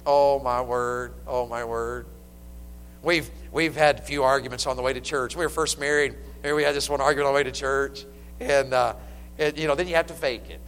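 Animated preaching man in a reverberant hall. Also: on the high side, vocal fry. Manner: animated preaching, swings from loud to hushed. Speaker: pastor. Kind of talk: sermon. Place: church sanctuary. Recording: long hall reverb, faint hum.

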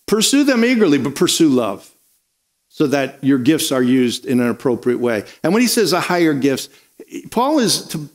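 A middle-aged pastor preaching to his congregation in a slightly higher voice. He leans on repeated phrases and lifts his voice to call out to the room, then drops low to make a point. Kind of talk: sermon.

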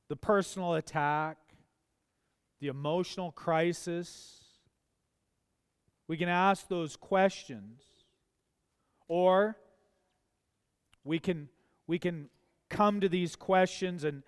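A man's voice: fairly high pitch, clear, resonant tone. A man preaching a sermon, earnest and asking pointed, emphatic questions. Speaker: pastor. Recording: long hall reverb.

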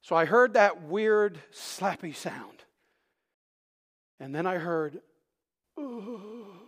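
A man preaching a sermon in a high, lifted voice. He tells a personal story with lots of drama, dropping to a hush, then rising to loud bursts. Now and then he restarts a word mid-sentence. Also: slow. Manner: animated storytelling, swings from loud shouts to hushed tones. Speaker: pastor.

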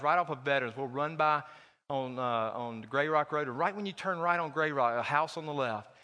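A male pastor delivers a casual, story-filled sermon, joking easily with his congregation. His voice is bright and fairly high for a man. It rings with a long echo through a church hall. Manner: conversational, joking, anecdotal.

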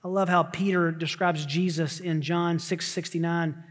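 A male pastor preaching a sermon, swinging from loud repeated shouts to hushed near-whispers. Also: on the high side, flat delivery, normal speed, in a large hall.

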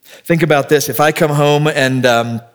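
A man preaching a sermon as a pastor in a relaxed, conversational way, thinking aloud and acting out little bits of dialogue to make his point. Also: fairly high pitch, moderate pace.

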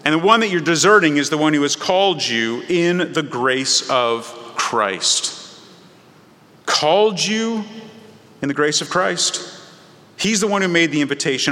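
Animated man preaching in an echoing hall. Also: fairly high pitch. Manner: animated, acts out scenes in voices. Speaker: pastor. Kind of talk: sermon. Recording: long hall reverb.

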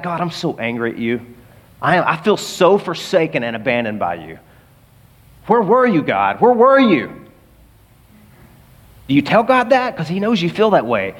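A man preaching a sermon in a church, conversational and animated, with asides to the congregation. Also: fairly high pitch, in a large hall. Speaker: pastor.

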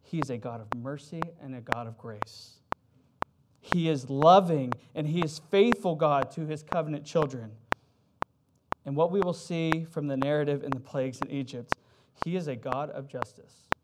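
A man's voice: fairly high pitch, moderate pace. A man preaching a sermon in a conversational way, with fillers and self-corrections, who reads scripture with rising emphasis. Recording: loud background noise.

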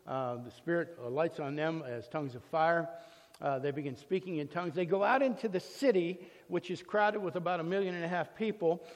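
A man with a fairly high voice teaches from the Bible in a relaxed, storytelling way, often pausing on fillers and restarting his sentences. His voice rings with a long reverb, as if recorded in a large hall.

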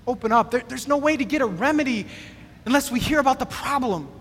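A pastor from Wisconsin preaches in a lively, conversational way. His voice is very high, bright and forceful, and it rings with the long reverb of a large hall. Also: fast talker. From Wisconsin, USA. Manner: animated, conversational, acts out quotes. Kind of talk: sermon.

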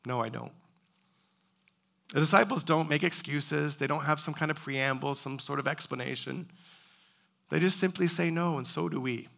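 Gravelly, bright-voiced male preacher. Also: fairly high pitch, moderate pace. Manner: earnest, pleading preaching with repeated rhetorical questions. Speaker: pastor. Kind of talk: sermon.

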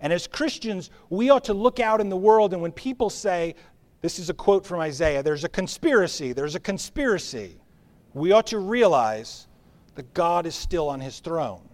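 Guy preaching in a lively chatty way, fairly high voice, sounding. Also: moderate pace. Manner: animated, conversational preaching with acted-out crowd voices. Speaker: pastor. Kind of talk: sermon.

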